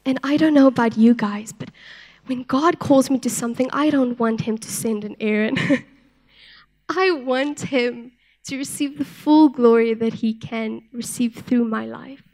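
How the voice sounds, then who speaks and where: Young woman, church speaker; soft-spoken, earnest testimony, somewhat high voice. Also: a little slow. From South Africa. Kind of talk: sermon with personal testimony.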